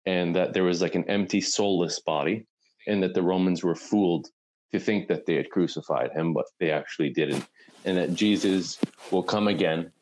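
A man's voice: sits low, moderate pace, darkish tone, rough recording. A man in casual conversation, retelling a story in a rambling way with lots of "like" and "you know". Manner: rambling retelling, full of "like" and "right?".

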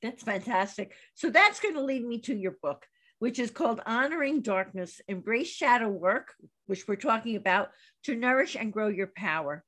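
A woman's voice: a little high, animated, normal speed, a bit bright. A woman hosting a casual interview, who praises her guest effusively and asks long, winding questions. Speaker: interview host.

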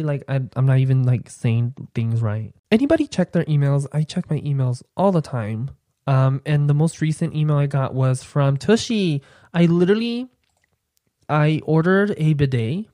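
Clean studio sound with no echo carries a young man's casual solo podcast chat. He jokes around with listeners, adds campy asides, and lowers his voice to a quiet "sweetie."

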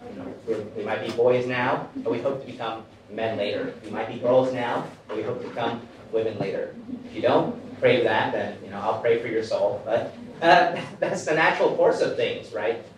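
Young male pastor in training, relaxed chatty sermon, recorded from a distance in a reverberant church hall. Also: mid-range voice, normal speed, a little hiss or hum. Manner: casual, self-deprecating preaching with many fillers. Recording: very echoey hall, distant mic.

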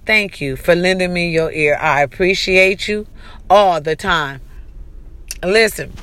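An animated woman, chatting to her audience with a casual, encouraging energy. Her voice is bright and forward. The sound is close and dry, with no room echo. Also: fairly low pitch, slow. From California. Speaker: vlogger. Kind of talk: casual motivational talk to camera.

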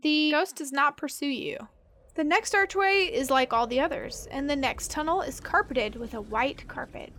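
A woman's voice: high voice, normal speed, a bit bright. A woman narrating and ruling as game master of a tabletop game. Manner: plays the monsters and sets the scene.

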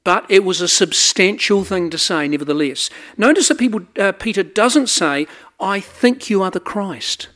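A man preaching a sermon, emphatic and animated, asking his listeners rhetorical questions. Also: high-pitched.

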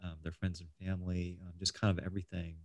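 Middle-aged male host, gravelly low voice, dry close sound, loose rambling delivery. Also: monotone, fast, no room sound. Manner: rambling, many ums and restarts. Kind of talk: casual interview chat.

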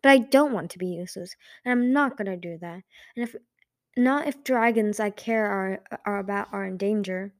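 A woman's voice: mid-range voice, normal speed, no echo, natural voice. Audiobook voice: a woman doing a small, earnest young female dragon, worried but hopeful, in a dry, close take. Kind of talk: audiobook reading.

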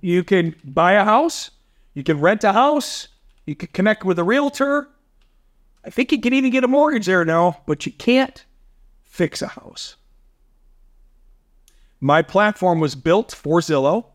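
A man, a startup founder, chatting on a podcast as a guest and telling animated stories with frequent laughs. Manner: animated storyteller, quick jumps in pitch, laughs often. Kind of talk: casual podcast chat.

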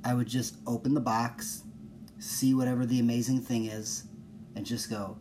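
Low-key rambling podcast host, man. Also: fairly even intonation, a little fast, darkish tone, slight background noise. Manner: rambling, self-mocking, low-key with sudden exasperated rants. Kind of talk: casual solo podcast monologue.

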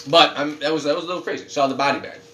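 A man hosting a casual podcast, loud, profane and joking, laughing often through his stories. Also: on the high side, fairly even intonation, very fast, roomy sound, slight background noise. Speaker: podcast host.

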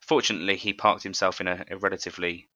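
A very low-voiced man with a sharp, forceful tone, chatting on a podcast in a rambling way and laughing often. The sound is close and dry. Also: flat delivery, quick pace, no echo. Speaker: podcast co-host. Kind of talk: casual chat.

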